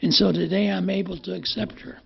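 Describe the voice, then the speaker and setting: A man's voice: high voice, fairly even intonation, a little fast, vocal fry, husky. An older man giving a plainspoken, rambling personal testimony at a recovery meeting, often repeating words as he goes. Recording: muffled lo-fi recording.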